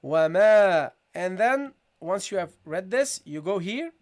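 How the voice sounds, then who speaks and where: Teaching Quran recitation on a live stream, a man patiently goes over points again and again, checks in with viewers, and slowly demonstrates sounds in this tajweed lesson. His voice is high-pitched with lively intonation.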